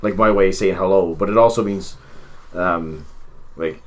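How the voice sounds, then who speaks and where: A man's voice: low voice, moderate pace. A young man with a Newfoundland accent co-hosting a casual podcast, telling rambling, profane, joking stories. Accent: Newfoundland English. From Newfoundland, Canada. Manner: rambling, profane, jokey storytelling. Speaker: podcast co-host. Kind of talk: casual wrestling podcast chat.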